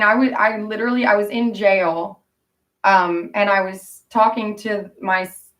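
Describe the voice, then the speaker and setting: A woman's voice: medium pitch, a bit bright, distant mic. A woman vlogging in a rambling, indignant and emotional way. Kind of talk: casual rambling vlog monologue.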